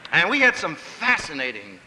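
A man's voice: fairly high pitch, wildly swooping pitch, normal speed, in a large hall, very noisy. A man from Pennsylvania giving an emphatic, story-filled talk on family life, acting out the voices he quotes. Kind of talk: sermon-style lecture with stories.

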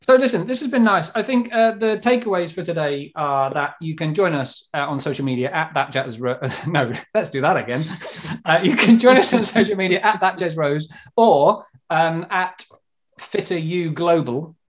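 A man's voice: a little high, normal speed. A man hosting a podcast in casual chat, giggly and rambling. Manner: giggly, rambling, warm-humoured. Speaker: podcast host.

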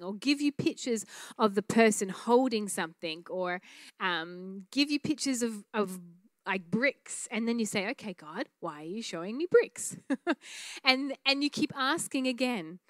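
Smooth-voiced woman teaching prayer. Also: mid-range voice, expressive, no room sound. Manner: earnest, conversational, frequent fillers and quick laughs. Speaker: teacher demonstrating prophetic prayer. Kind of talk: church teaching with live prophetic demonstration.

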